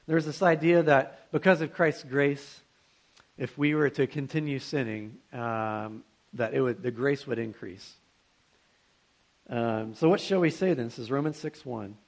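A man's voice: mid-range voice, unhurried, creaky. A young man preaching a sermon to students, in a conversational and earnest way, with rhetorical questions.

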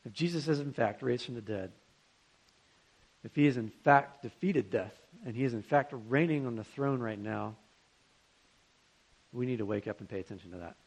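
A man's voice: medium pitch, moderate pace, vocal fry, pauses often. A young man preaching a sermon to students, in a conversational and earnest way, with rhetorical questions.

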